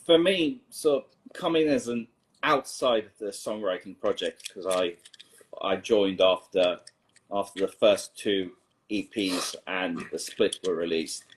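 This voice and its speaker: A man musician, not a native English speaker, chatting as a guest in a dry, measured way. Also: low voice. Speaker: band member guest. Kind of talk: casual chat.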